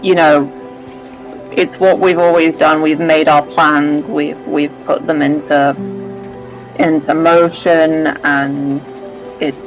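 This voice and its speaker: Higher-voiced man musing in character. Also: level tone, slow pace, soft background music, low-quality recording. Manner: thoughtful, hesitant. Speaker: player. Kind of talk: in-character role-play.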